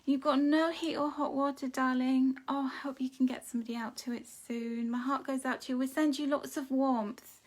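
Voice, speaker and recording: A woman's voice: high voice, steady tone, moderate pace, few pauses. Chatty woman greeting livestream viewers. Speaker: card reader hosting a livestream. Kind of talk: casual live-stream chat. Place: home room.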